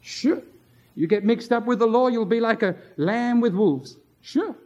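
A man's voice: extremely high pitch, normal speed, a little mellow. A male pastor preaching an impassioned sermon, drawing out words for emphasis. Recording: dull lo-fi sermon tape.

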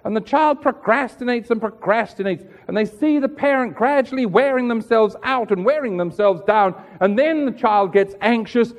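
A man preaching a sermon in an earnest, rhetorical way, acting out the voices he quotes. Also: very high-pitched. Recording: hall reverb.

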